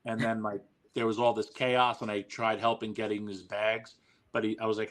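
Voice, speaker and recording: A man's voice: on the low side, steady tone, a little fast, a bit bright. A man guesting on a podcast, telling stories animatedly, acting out quoted lines and swearing freely. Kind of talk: casual storytelling.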